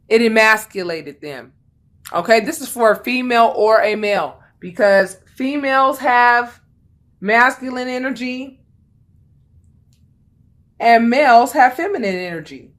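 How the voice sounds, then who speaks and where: A woman's voice: on the high side, fairly bright tone. A woman giving a casual tarot reading, talking bluntly and chattily, swearing freely and repeating lines for emphasis. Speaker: tarot reader.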